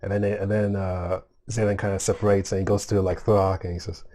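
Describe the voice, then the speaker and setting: A man's voice: low voice, level tone, brisk, warm tone. A man playing a tabletop game, describing his character's actions hesitantly with many fillers. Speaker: player. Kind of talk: casual tabletop play.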